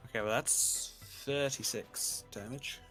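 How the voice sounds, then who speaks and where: A man's voice: mid-range voice, unhurried, bright, forceful tone, faint music behind. A man in a tabletop game, hesitating with ums as he decides his moves. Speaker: player. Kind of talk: casual chat at a game table.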